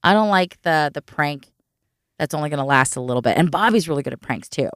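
A woman co-hosting a podcast, telling stories in a lively way and acting out what people said. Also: sits low, a little fast, dry recording, studio quality. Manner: animated storyteller acting out quotes. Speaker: podcast co-host. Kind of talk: casual chat.

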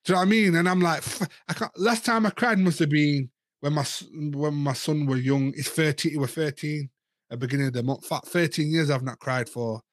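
A man's voice: on the high side, fairly quick, no room sound, studio quality. A man in his thirties or forties, a guest in casual candid chat, talking frankly and rambling, often repeating words as he thinks.

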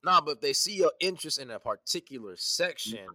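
A laid-back man from California teasing his co-host in casual, profane chat. His voice is bright and clear, recorded dry and close. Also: on the high side, animated, a little fast, dry recording. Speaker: podcast co-host.

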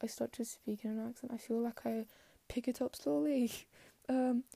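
A young woman in her late teens hosting a solo podcast. She rambles in a put-on Scottish accent, is hard on herself, and often trails off into soft murmurs. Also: fairly high pitch, fairly even intonation, moderate pace, creaky, dry recording. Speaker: podcast host.

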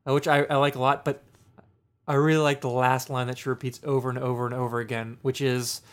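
A man's voice: mid-range voice, level tone, fast, clear, resonant tone. A man co-hosting a casual music review chat, talking in a rambling way with many fillers and restarts. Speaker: podcast co-host reviewing an album.

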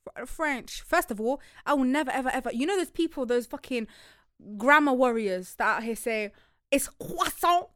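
A young woman co-hosting a casual podcast chat, animated and joking, swearing freely, whose first language is Somali. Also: high-pitched, fairly quick, no echo, clean studio sound. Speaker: podcast co-host.

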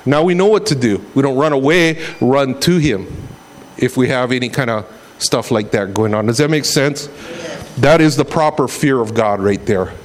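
A man's voice: medium pitch, moderate pace. A middle-aged man preaching a sermon in a conversational way, acting out quotes as he goes. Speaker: pastor.

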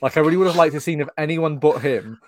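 A man co-hosting a podcast, chatting casually about a film, ranting with profane, animated asides. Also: a little high, fast talker. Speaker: podcast co-host. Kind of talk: casual film-review chat.

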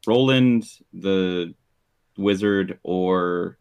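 A man's voice: low-pitched, very slow, gravelly, darkish tone, clear, resonant tone, lo-fi sound. A man in casual chat who is blunt and swears as he complains.

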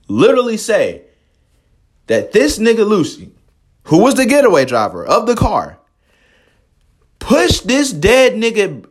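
A man, delivering a profane, incredulous commentary rant as a host, swearing often. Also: sits high.

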